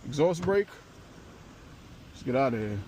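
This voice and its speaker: A man hosting a casual towing vlog, talking his viewers through the job as he works, relaxed and swearing now and then. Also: mid-range voice, measured pace. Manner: laid-back, talks to camera while working, swears casually. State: out of breath. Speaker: channel host towing a car. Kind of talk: casual narrated tow vlog. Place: outdoors on a street and inside a pickup truck. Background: faint street and vehicle noise.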